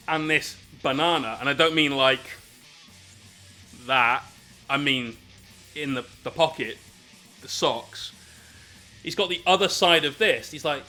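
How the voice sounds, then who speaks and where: A man's voice: a little high, unhurried, long pauses, bright, forceful tone, soft background music. Chatty British man telling a tale. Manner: rambling, swearing, laughing storyteller. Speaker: miniature painting streamer. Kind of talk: casual anecdote while painting.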